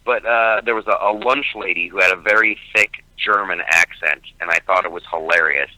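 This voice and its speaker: Comedian guy on the phone, very bright edgy voice, lots of i-i restarts. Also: sits low, a little fast, no room sound, poor audio. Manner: animated, stammering restarts. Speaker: stand-up comedian, guest. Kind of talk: casual radio interview. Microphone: phone call.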